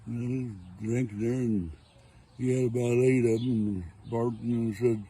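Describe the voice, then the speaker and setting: A man's voice: medium pitch, unhurried, dark tone, husky, rough recording. An older man telling dirty jokes outdoors in a folksy, rambling way, leaning on lots of "well"s. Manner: folksy rambling delivery with many wells. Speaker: joke teller.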